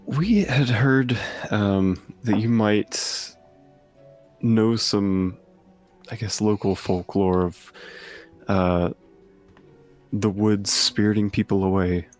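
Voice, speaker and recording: A man speaking in character during a tabletop game, polite and careful, halting often to find his words. His voice sits somewhat low and moves slowly, with faint music under it. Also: steady tone, darkish tone. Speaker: player. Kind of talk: in-character role-play.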